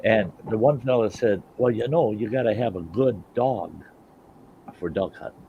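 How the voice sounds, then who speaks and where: A man's voice: lowish voice, normal speed, gravelly, phone-quality sound, slight background noise. A man telling jokes in casual chat, swearing freely and laughing at his own punchlines.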